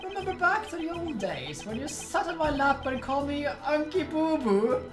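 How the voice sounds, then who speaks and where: A woman's voice: sits high, big pitch swings, moderate pace. A woman voicing a jovial older police chairman who dotes on his son, speaking in a folksy grandfatherly way. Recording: echoey room with music behind.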